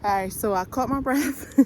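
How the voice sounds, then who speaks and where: A woman's voice: on the high side, measured pace. A woman vlogging with a handheld camera on an outdoor nature trail, chatting casually as she walks with her children. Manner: chatty, narrating while walking with her kids. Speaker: vlogger mother. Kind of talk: casual vlog narration. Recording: noisy outdoor recording.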